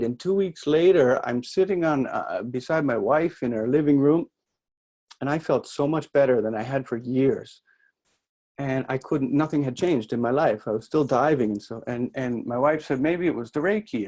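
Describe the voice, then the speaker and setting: A man's voice: medium pitch, a little mellow. Chatty man with a mixed Canadian-Irish accent. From New Brunswick, Canada. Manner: chatty, self-deprecating, asks the audience questions. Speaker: workshop speaker. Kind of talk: live workshop talk.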